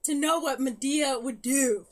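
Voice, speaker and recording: A woman co-hosting a paranormal podcast, chatting casually, giggling and halting with restarts. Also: high voice. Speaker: podcast co-host. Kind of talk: casual chat.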